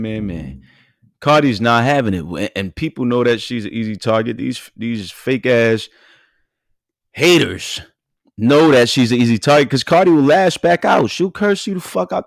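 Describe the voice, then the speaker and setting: A man hosting a radio show, giving animated, chatty commentary on celebrity news and laughing often. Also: mid-range voice, vocal fry, no room sound, studio quality.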